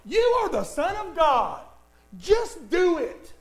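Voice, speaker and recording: A man's voice: extremely high pitch, very animated, slow, echoey room, faint music behind, voice pushed up, full character voice. A man voicing a sly, tempting male devil inside a sermon, wheedling and pushy. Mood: coaxing.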